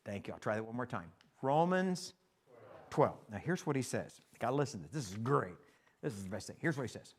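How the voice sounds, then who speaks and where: A man's voice: mid-range voice, brisk, breathy edge. An older man preaching a casual, story-driven sermon as pastor, acting out conversations from his own life. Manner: folksy, animated, quotes people in his stories.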